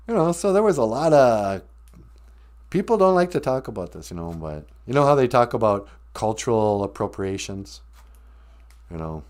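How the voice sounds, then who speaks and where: A man hosting a live stream, chatting casually and telling stories with playful quoted voices. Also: lowish voice. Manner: animated storytelling with laughs and put-on quotes. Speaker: host.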